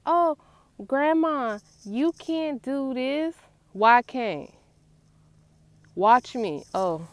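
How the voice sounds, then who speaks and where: A woman's voice: on the low side, dry recording. Twenty-something woman vlogging, chatty and playful, dead dry mic sound. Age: 20s. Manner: animated, talks to her child while filming; playful, acts out grandkids and her mother. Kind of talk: casual chat to camera.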